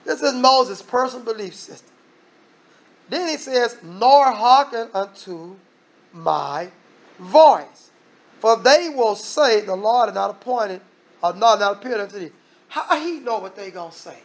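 A man's voice: high-pitched, lively intonation, a little slow. A man preaching a sermon in an emphatic, repetitive way, reading scripture aloud and breaking off with asides.

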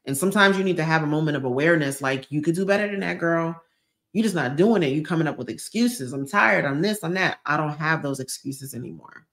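Quick and animated, with a deep voice, this Georgia-born woman runs a lifestyle live stream on YouTube. She keeps things casual, reading viewer comments aloud in bubbly slang.

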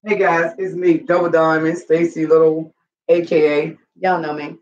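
A woman's voice: deep voice, little pitch movement, normal speed, a little mellow. A woman hosting a casual live stream, rambling and gossiping with lots of profanity. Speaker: channel host. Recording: muffled lo-fi recording.

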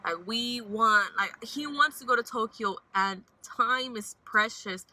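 A woman's voice: on the high side, measured pace, pushed and bright, rough recording. A young woman vlogging casually from her car, talking emotionally and rambling, swinging between upbeat and frustrated. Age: young adult. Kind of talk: casual vlog while driving.

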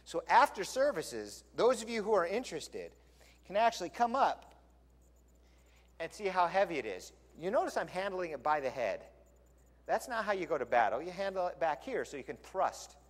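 A male pastor preaching a sermon in a lively, conversational storytelling way, in a church sanctuary. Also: sits high, normal speed. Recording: long church hall reverb.

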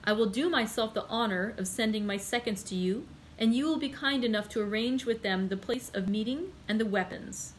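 A woman's voice: on the high side, fairly quick, hardly any pauses, a little hiss or hum, natural voice. A woman reading the part of a proud, angry young male nobleman in a storybook reading, with clipped, demanding delivery. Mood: indignant.

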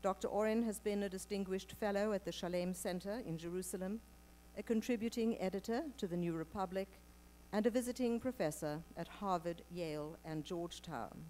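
A woman introducing a speaker to an audience, reading from a script in a measured, formal way. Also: mid-range voice, mellow, slight background noise. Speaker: event presenter introducing the speaker. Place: lecture hall with live audience.

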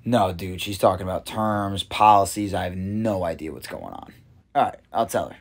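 A man with a deep, low voice plays an indifferent shoe store clerk in a short comedy sketch. He talks with bored, deadpan indifference. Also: normal speed.

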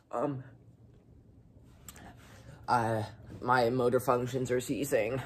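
A man doing a comedic spicy food challenge vlog, talking in a halting deadpan way and coughing from the heat. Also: mid-range voice. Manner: slow, halting deadpan delivery between coughs. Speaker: vlogger.

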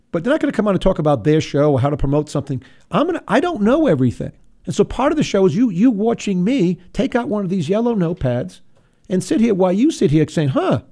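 A man's voice: sits high, warm tone. A man hosting a political talk radio show who speaks in an earnest, restless way and repeats words when he pushes a point. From Rhode Island.

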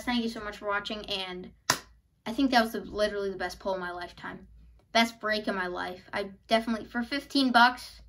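A woman hosting a casual card-opening video, excitable and stammering, breaking into squeals. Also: medium pitch. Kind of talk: casual pack-opening commentary.

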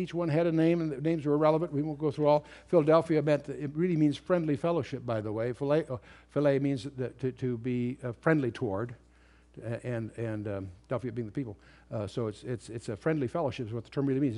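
A man with a fairly high speaking voice delivers a verse-by-verse Bible lecture. He reads King James scripture aloud and explains it emphatically. His delivery is unscripted, with restarts and fillers. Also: a little mellow. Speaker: Bible teacher. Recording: remastered lecture recording.

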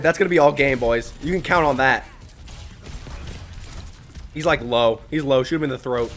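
A young man streaming a team shooter, swearing often and yelling excited callouts to his teammates. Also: mid-range voice, moderate pace, pauses often. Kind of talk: live gameplay commentary with team callouts.

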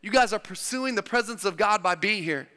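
A man's voice: sits high, lively intonation, brisk, sharp tone. A man preaching a sermon in a church, emphatic and repeating his phrases for stress. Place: church hall. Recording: long church-hall reverb.

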